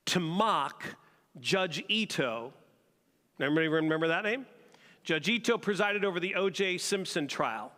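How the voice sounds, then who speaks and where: A man's voice: sits high, pushed and bright, in a large hall. A man preaching a sermon as pastor, talking conversationally and asking the congregation questions. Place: church sanctuary.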